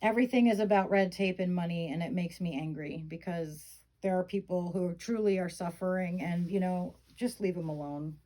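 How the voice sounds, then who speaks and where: A woman's voice: on the low side, steady tone, moderate pace, few pauses, warm tone, rough recording. Chatty, frustrated woman vlogger. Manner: rambling, frustrated venting, fond baby talk about the dolls. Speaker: reborn doll vlogger. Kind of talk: casual chat.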